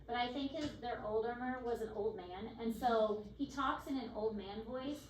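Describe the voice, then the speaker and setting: A woman's voice: on the high side, moderate pace. A woman anatomy instructor in casual classroom talk, chatty and teasing, with loose fillers. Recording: echoey room, distant mic, faint noise.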